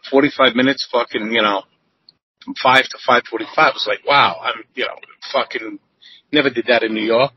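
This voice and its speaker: A man guest on an interview show, telling animated, profane stories and acting out quotes in a high voice. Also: brisk, dull audio, a little hiss or hum. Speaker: interview guest, former chef. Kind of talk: casual storytelling.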